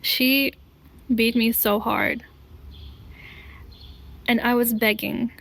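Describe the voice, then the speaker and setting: Slow-spoken woman with a gravelly edge. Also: a little high, fairly even intonation, a bit bright. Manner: earnest, deliberate, pausing between short phrases. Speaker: vlogger telling her own story. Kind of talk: slow confessional storytelling.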